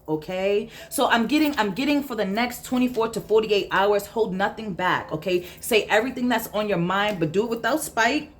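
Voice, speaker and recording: A woman giving a casual tarot reading, emphatic and blunt, repeating her points and swearing freely. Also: medium pitch. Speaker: tarot reader.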